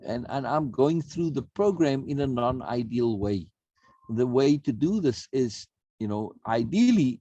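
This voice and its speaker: A man's voice: medium pitch, dark tone, dry recording, lo-fi sound. A man teaching an online self-help course in a conversational way, often repeating words and checking in with "right?". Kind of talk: recorded online course talk.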